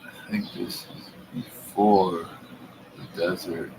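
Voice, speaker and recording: Slow, low-voiced man musing casually. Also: vocal fry, background noise. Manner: relaxed, amused, slangy asides. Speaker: channel host. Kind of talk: casual commentary while browsing old maps.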